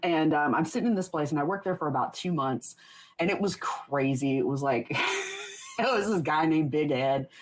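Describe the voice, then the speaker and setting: A woman's voice: sits low, moderate pace. A woman in her forties, a podcast guest telling stories casually, rambling with frequent laughs and restarts. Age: 40s. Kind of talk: casual interview storytelling.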